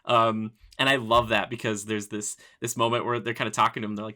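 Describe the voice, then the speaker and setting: A man's voice: lowish voice, little pitch movement, brisk, pushed and bright. A man hosting a casual podcast about a movie, talking animatedly and acting out characters' lines. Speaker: podcast host.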